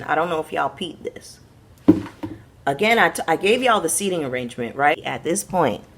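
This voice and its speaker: Sassy, emphatic woman recapping reality TV. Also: deep voice. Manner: sassy, emphatic, talks straight to viewers. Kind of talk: casual recap commentary.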